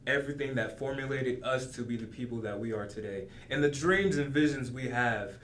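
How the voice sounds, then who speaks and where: A man hosting and editing a podcast, speaking calmly and encouragingly with many affirming hums. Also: medium pitch, brisk. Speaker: podcast host and editor. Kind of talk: casual chat. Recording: echoey room, faint noise.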